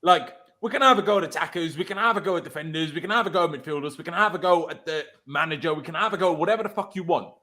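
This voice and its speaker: A man's voice: a little high, rapid-fire, few pauses, sharp tone. A man hosting a football fan channel, delivering a furious, swearing post-match rant over a call.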